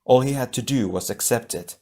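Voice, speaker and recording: A man narrating an adventure audiobook in a steady, measured storytelling voice. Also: mid-range voice, vocal fry. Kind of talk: scripted narration.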